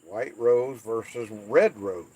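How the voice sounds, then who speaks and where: An American man hosts a livestream, reading viewer comments and playfully trash-talking English place names. His medium-pitched voice is slow and a little mellow, with no echo.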